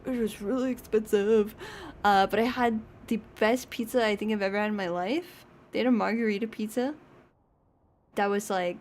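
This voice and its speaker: A woman's voice: mid-range voice, normal speed. A young woman streaming, chatting casually and rambling with frequent laughs. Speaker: VTuber streamer.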